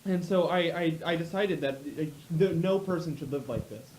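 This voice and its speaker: Animated man telling a comic tale. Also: moderate pace, background noise. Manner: animated, jumps into high voices for quotes. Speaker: storyteller. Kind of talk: improvised comic storytelling.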